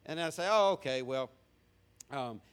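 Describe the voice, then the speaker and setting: A man's voice: medium pitch, lively intonation, moderate pace, fairly bright tone, clean tone. A man in his fifties with a Southern American accent, preaching a sermon in a folksy, humorous storytelling manner.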